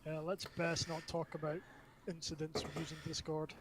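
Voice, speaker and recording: A man's voice: fairly high pitch, completely flat delivery, normal speed. A man making wry remarks as a player on a voice call. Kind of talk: casual voice chat. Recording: noisy voice-call line.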